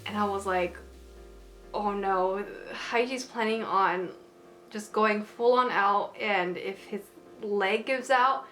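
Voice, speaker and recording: A woman's voice: medium pitch, takes it slowly, fairly bright tone, soft background music. A woman giving a casual, gushing and emotional review, full of fillers and exclamations. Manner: gushing and emotional, lots of "like" and "oh my goodness". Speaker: anime reviewer.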